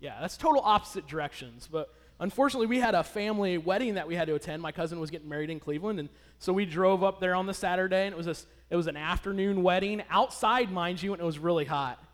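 A man's voice: high-pitched, fast, hardly any pauses. A man in his thirties telling a personal story to an audience, chatty and asking them questions. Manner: conversational, asks the audience questions. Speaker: speaker addressing an audience. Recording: long hall reverb.

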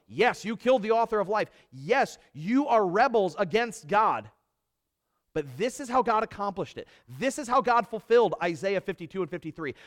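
A man delivering a sermon with a high, very lively voice that swoops up and down. He acts out the people in the stories and drops wry little asides along the way. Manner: animated, acts out quotes, jokey asides. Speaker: preacher.

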